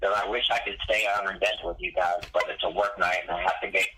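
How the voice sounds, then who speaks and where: Husky, low-voiced caller on a phone line. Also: male voice, steady tone, fast, sharp tone. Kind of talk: casual sports chat.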